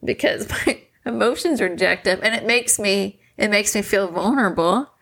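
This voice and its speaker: A woman's voice: medium pitch, normal speed, gravelly, fairly bright tone. A woman in her forties co-hosting a couple's podcast, candid and laughing often as she acts out quotes in casual chat. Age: 40s. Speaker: podcast co-host.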